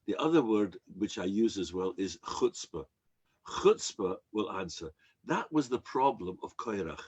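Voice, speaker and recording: A rabbi giving a sermon, telling a story and acting out the people in it. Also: male voice, lowish voice, slightly rough. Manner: animated storyteller acting out quoted characters. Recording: dull lo-fi recording.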